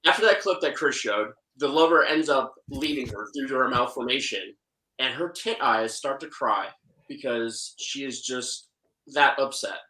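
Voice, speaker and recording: Man, podcast co-host, dry mock-serious sarcasm, bright tone, roomy echo. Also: medium pitch, normal speed. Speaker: co-host film reviewer. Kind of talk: sarcastic plot recap in a casual podcast chat.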